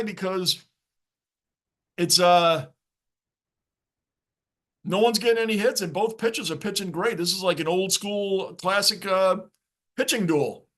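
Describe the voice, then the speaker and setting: A man's voice: fairly high pitch, a bit bright. A man hosting a live sports reaction stream from his basement, ranting casually and reading viewer chat aloud.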